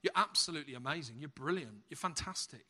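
God, voiced by a man, speaks low and gentle, reassuring each listener. His tone is soft and tender, a quiet voice of comfort. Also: expressive, fast.

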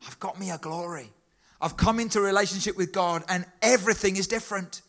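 A man's voice: high-pitched, fast talker, vocal fry, a bit bright. A man voicing a humble, joyful old male ferry engineer in his own voice, speaking earnestly and plainly.

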